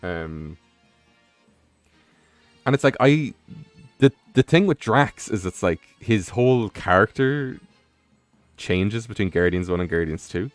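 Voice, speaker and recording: A man's voice: fairly low pitch, expressive, takes it slowly, pauses often, dry recording, soft background music. A young man streaming a game, rambling casually with many fillers and curse words. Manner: rambling, heavy on fillers, profane. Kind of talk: casual rambling commentary while gaming.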